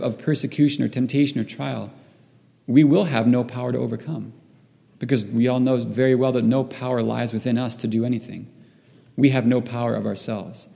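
A man delivers a sermon in a low-pitched, heavily gravelly, mellow voice. He stumbles and repeats himself as he reaches for each thought. His words ring out with a long reverb through the hall. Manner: hesitant, repeats words while searching for phrasing. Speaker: preacher.

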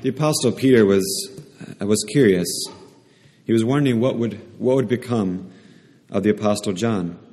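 Low-voiced male preacher in a reverberant hall. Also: moderate pace, warm tone. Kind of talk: sermon. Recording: reverberant hall, speaker off mic.

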